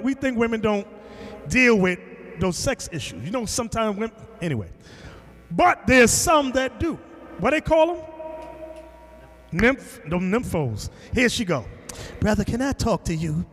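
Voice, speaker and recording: A man preaching to a class, telling a story with lively acted-out quotes and bursts of shouting. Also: sits high, moderate pace, in a large hall. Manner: animated storytelling, acting out quotes, shouting at times. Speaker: teacher. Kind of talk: sermon.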